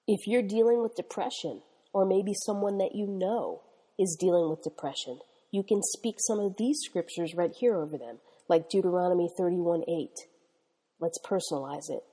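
Woman Bible teacher, breathy lower voice, long reverb on the recording, devotional pacing. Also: warm tone. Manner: slow and deliberate, rising emphatically on quoted verses. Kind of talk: devotional teaching, guided scripture confession.

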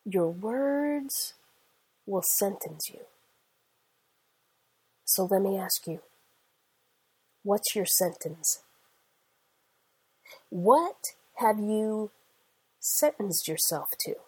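Breathy woman preaching a sermon. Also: medium pitch, animated, drawn-out words, long pauses, mellow, rough recording. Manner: earnest, conversational storytelling with scripture quotes.

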